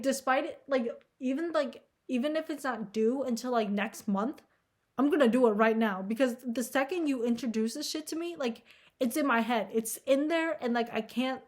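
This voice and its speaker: Young woman rambling into her camera, kinda high voice, tons of "like", swears a lot, anxious. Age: young adult. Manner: rambling, heavy "like" filler, frequent swearing; anxious, self-deprecating. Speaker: vlogger. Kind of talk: casual rambling monologue.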